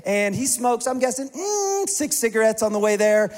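A male pastor with a high-pitched voice tells a story to his congregation in a lively, self-deprecating way. His words tumble out in quick bursts. A long reverb from the large church hall trails each phrase. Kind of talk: storytelling sermon.

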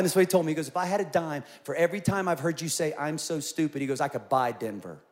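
A man in his forties preaching a sermon, telling personal stories in an animated way and rising to loud, emphatic peaks. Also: a little high, fast, few pauses. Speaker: pastor.

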